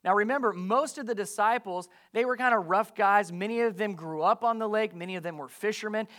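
A pastor with a notably high-pitched voice delivers a conversational sermon. He talks casually to the congregation, reads scripture aloud and keeps tossing them questions to answer. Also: fairly quick, a bit bright.

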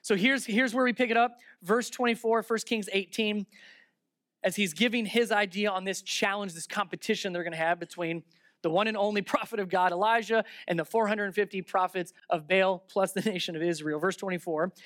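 A man preaching a sermon, reading Bible verses aloud and retelling them with lively asides, switching from loud sarcasm to hushed reverence. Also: high voice, brisk, no echo, clean studio sound. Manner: talks aside to the listeners between verses.

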